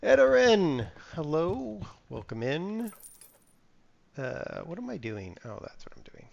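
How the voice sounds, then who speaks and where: Man streamer, unhurried, lively pitch. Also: vocal fry, lo-fi sound, slight background noise. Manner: chatty, muttering to himself while playing, with sudden exclamations. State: sniffling. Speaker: game streamer. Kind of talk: casual live-stream commentary.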